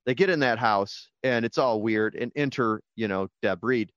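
A man's voice: mid-range voice, moderate pace, no echo, dull audio. A man co-hosting a podcast, chatting casually and rambling about a movie he loves. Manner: rambling, animated, quotes movie lines in put-on voices. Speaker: podcast co-host. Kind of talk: casual movie-review chat.

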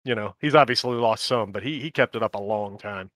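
A man co-hosts a casual podcast chat, his voice bright and forward. The sound is close and dry, with no room around it. He is enthusiastic and laughs easily. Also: fairly low pitch, a little fast, dry recording. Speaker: podcast co-host.

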